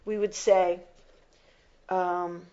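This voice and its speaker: A woman teacher reading a text aloud and explaining it slowly, pausing to reread phrases for emphasis. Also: fairly low pitch, flat delivery, dark tone, clear, resonant tone, lo-fi sound. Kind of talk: slow close-reading lesson.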